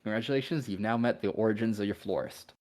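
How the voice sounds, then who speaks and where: A man narrating a tabletop game as game master in an unhurried, easygoing way with fillers. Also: lowish voice, darkish tone, slight background noise.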